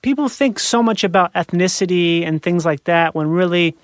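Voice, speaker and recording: A man's voice: sits high, normal speed, no room sound, clean studio sound. A man hosting a podcast, chatty and blunt, asking questions and voicing strong opinions. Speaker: podcast host. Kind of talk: casual podcast interview.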